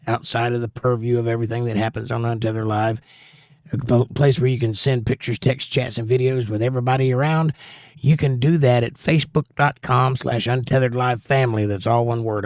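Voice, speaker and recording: A man's voice: medium pitch, a little mellow, dry recording, studio quality. A middle-aged man hosting a casual livestream, reading viewer comments aloud in an easygoing, folksy way. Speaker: livestream host.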